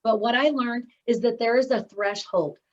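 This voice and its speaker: Over slightly dull, lo-fi video call audio, a speaking coach from Scotland runs an online course in a mid-range voice on the high side. She rushes along, then pauses abruptly to lean on important words.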